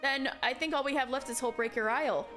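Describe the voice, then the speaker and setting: A woman's voice: high voice, fast talker, a bit bright, faint music behind. A woman streamer chatting casually while playing, musing aloud as she works things out. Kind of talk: casual game-stream chat.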